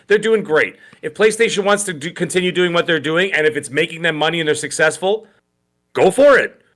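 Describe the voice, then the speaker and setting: A middle-aged man co-hosting a gaming podcast in rambling, animated casual chat with many restarts. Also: a little high, fairly quick. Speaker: podcast co-host.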